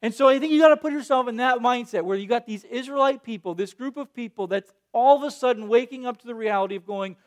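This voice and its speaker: A man preaching a sermon, reading scripture and then retelling it in a lively way, acting out the quoted voices. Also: extremely high pitch, quick pace, hardly any pauses. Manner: animated, acts out quoted voices. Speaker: pastor.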